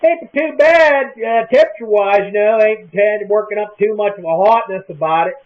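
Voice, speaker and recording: A man rambling in a folksy, drawn-out small-town way in a casual comic monologue. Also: high voice. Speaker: comic vlogger in character. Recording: tinny phone-like lo-fi recording.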